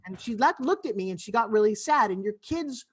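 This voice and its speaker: A middle-aged woman speaking as an interview guest, her voice pitched in a typical range for a woman. She tells her story with animated emphasis, pressing hard on key words. She is heard over a remote video call. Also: brisk, slightly rough. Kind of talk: personal storytelling in a podcast interview.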